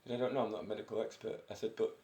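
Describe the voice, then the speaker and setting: Talking very fast in a warm, lowish voice with fairly even intonation, a breathless vlogger in his fifties rambles eccentrically to the camera. He chuckles frequently during this casual monologue, recorded with a roomy echo.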